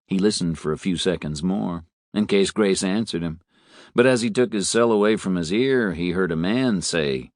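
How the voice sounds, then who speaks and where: A man narrating a novel in a measured, expressive way. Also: sits low, no room sound, clean studio sound. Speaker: audiobook narrator. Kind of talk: scripted narration.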